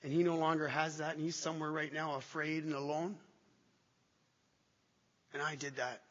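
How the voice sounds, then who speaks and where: A man giving an emotional recovery testimony to an audience, halting and restarting as he speaks. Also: on the high side, flat delivery, a bit bright. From Canada. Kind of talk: personal testimony talk to an audience. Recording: dull echoey hall recording.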